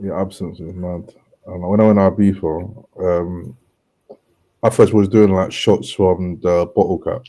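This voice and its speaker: A man speaks in a very low voice with a soft, mellow tone. He talks in a laid-back, slangy way. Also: steady tone, unhurried. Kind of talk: casual chat.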